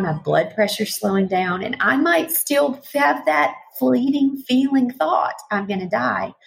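A middle-aged woman talking thoughtfully in a relaxed conversation, slowing down and showing how breathing works. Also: medium pitch, vocal fry, low-quality recording. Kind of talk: reflective conversational chat.

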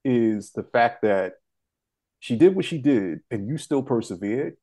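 A man's voice: medium pitch, animated, a little slow, warm tone, no room sound. A man hosting an interview show, chatting casually and emotionally, laughing often. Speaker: podcast host.

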